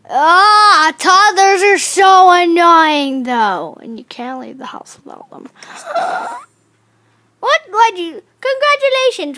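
A hyper, excitable child commenting on a life-sim game in a teasing, playful way. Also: extremely high pitch. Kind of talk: let's-play commentary.

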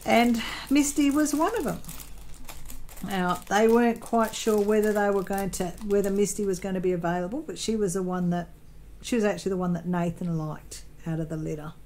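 A woman's voice: mid-range voice, fairly even intonation, brisk, darkish tone, slight background noise, low-quality recording. An Australian woman vlogging casually at home while crafting, telling a long personal story in a rambling way, with many ums and self-corrections.

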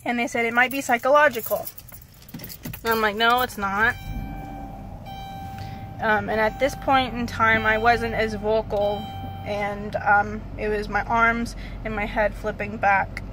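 A woman talks casually to her vlog viewers. She is out of breath, and her fairly high voice comes in halting stretches as she loses her words and starts sentences over. Faint noise sits under the recording. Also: steady tone. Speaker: vlogger. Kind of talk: casual vlog talking to camera.

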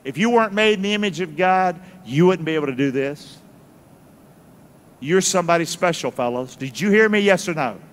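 A man's voice: on the high side, lively intonation, fairly quick, long reverb tail. A middle-aged man, a pastor, preaching a sermon and calling on the congregation to answer him, repeating key phrases. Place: large church sanctuary.

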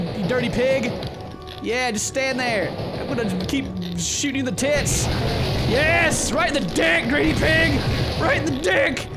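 A young man giving goofy let's-play commentary, yelling and joking at the game. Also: extremely high pitch. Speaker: gaming commentator.

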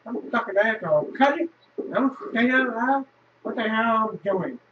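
A man giving frustrated horror game commentary, swearing with sudden loud outbursts. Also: extremely high pitch, lively intonation, normal speed, slight background noise. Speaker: gamer. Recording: roomy, distant, dull lo-fi.

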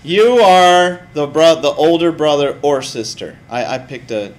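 A male teacher lecturing a classroom in a casual, lively way. His voice sits slightly high, and he keeps turning to the students with questions. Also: measured pace.

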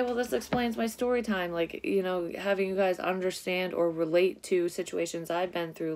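A woman giving a casual psychic reading to her viewers, blunt and rambling, swearing freely. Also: lowish voice. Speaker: psychic reader. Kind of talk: casual tarot-style reading.

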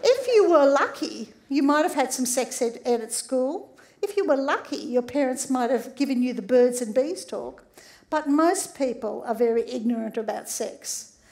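High-voiced Australian woman giving a lecture. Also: expressive, moderate pace, darkish tone. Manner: humorous, keeps checking in with the audience. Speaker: sex therapist and doctor. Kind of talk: public lecture.

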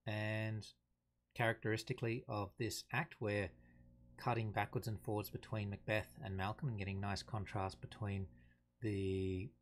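A man giving an unhurried, thoughtful lesson on a play, reading quotations aloud plainly. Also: lowish voice, level tone. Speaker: teacher explaining a play. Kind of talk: casual explanatory lesson.

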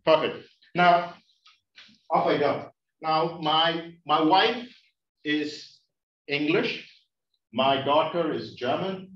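A man's voice: fairly high pitch, very slow, pauses often. A man from India giving a humorous speech to an audience, playfully teasing listeners with questions. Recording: roomy, distant, dull sound.

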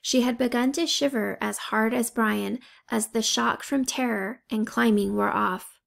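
A woman reading a children's novel aloud in a calm, measured way. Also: a little high, gravelly. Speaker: audiobook reader. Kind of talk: storybook narration.

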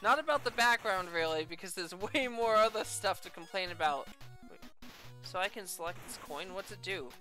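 A woman's voice: mid-range voice, lively intonation, moderate pace, bright, forceful tone, soft background music. A woman doing let's play commentary, exasperated, swearing freely, with yelps and laughs. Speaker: video game streamer.

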